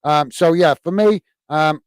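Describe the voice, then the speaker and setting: A man's voice: a little high, measured pace, clear, resonant tone, dry recording. A man from the UK hosting a live football watch-along, reading viewer comments in a hesitant, friendly way with lots of fillers and calling people mate.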